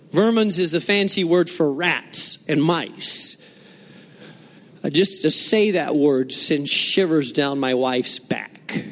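A man preaching a sermon, explaining scripture and telling lively, humorous stories from his own life. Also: high voice, long reverb tail. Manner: animated storytelling with humor. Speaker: pastor.

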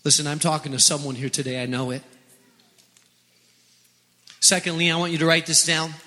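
Male pastor, high-pitched and very bright, impassioned repetitive preaching, long hall echo. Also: steady tone, a little fast. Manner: impassioned preaching, repeating phrases. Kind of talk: sermon.

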